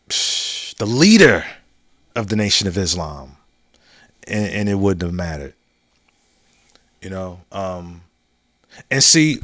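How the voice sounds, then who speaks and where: A man hosts his own podcast and talks through a personal story in a loose, rambling way, repeating himself and leaning on fillers as he goes. His voice sits at an ordinary middle pitch. The sound is close and dry, with no room echo. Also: a bit bright. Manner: loose, conversational, with many fillers and restarts; chuckles while telling a funny memory. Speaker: podcast host. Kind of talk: casual storytelling monologue.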